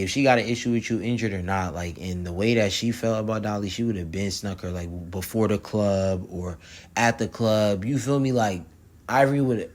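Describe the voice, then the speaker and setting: A man recapping a reality show episode in casual, rambling commentary, full of slang and asides to the viewer. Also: fairly low pitch. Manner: slangy, rambling, keeps asking "you feel me". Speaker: YouTube reality-show reviewer.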